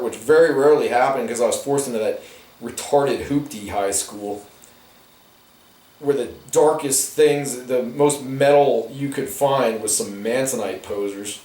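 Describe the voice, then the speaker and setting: Coloring comic pages as he talks, this man with a medium-pitched, darkish voice goes on a meandering rant full of restarts and side tangents. He's far from the microphone, and the room adds a noticeable echo.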